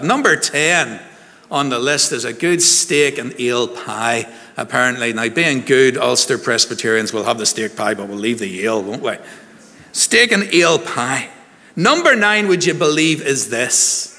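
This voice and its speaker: Man, minister, bright voice, joking with the congregation, long church reverb. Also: medium pitch, normal speed. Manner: chatty, jokey, quizzing the congregation. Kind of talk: harvest service sermon.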